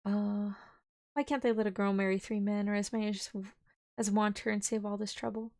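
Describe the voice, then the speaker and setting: A woman's voice: mid-range voice, fairly even intonation, a little fast, a little mellow. A woman streamer reading a classic novel aloud, breaking off for playful asides and giggles. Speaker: vtuber streamer.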